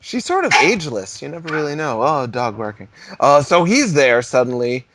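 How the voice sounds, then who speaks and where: A man at home telling rambling, animated stories in a casual podcast chat. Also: on the high side, moderate pace, no room sound. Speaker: podcast co-host.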